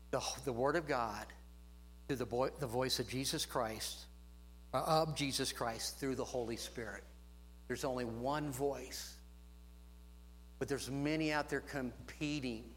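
A man's voice: medium pitch, fairly bright tone, slight background noise. A man preaching a sermon to a congregation, stretching phrases for emphasis and punctuating them with amens. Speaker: pastor. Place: church room with congregation.

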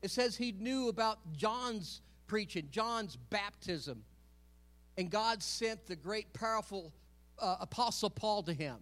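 Male preacher, high-pitched voice, casual sermon, self-correcting, asks the congregation for an amen. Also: animated, takes it slowly, fairly bright tone. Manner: conversational, repeats words and self-corrects; calls out to the congregation.

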